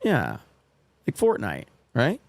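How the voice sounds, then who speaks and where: A man's voice: mid-range voice, wildly swooping pitch, takes it slowly, creaky, dry recording. A man hosting a casual live-stream chat show, reading viewer comments aloud and plugging a membership.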